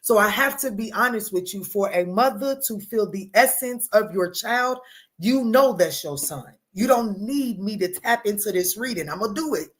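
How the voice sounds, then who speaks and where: A woman giving a live tarot reading, talking straight to her viewers in an animated, emphatic way, using pet names and casual swearing. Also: medium pitch, moderate pace. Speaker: tarot reader answering live chat.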